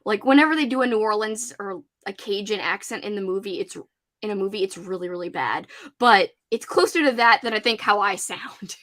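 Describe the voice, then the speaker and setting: A woman's voice: mid-range voice, fairly quick, sharp tone. A young woman with a subdued Louisiana accent, chatting casually and laughing often, with lots of fillers. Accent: American, Louisiana. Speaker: host. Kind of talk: casual chat.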